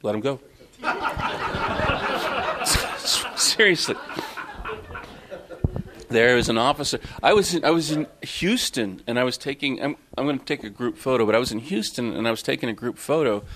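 A man's voice: mid-range voice, animated, unhurried, pauses often, bright, forceful tone, slight background noise. A man from Florida, an author telling anecdotes to an audience at a book talk, rambling with many fillers and restarts. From Florida, USA. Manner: rambling, self-interrupting, many fillers, chuckling. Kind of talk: casual live storytelling to an audience.

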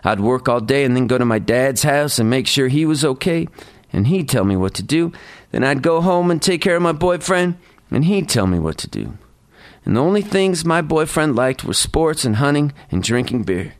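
A man doing a brisk, chatty woman nurse. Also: mid-range voice, animated, voice pushed up, natural voice. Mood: earnest. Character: blunt caring woman nurse, middle-aged.

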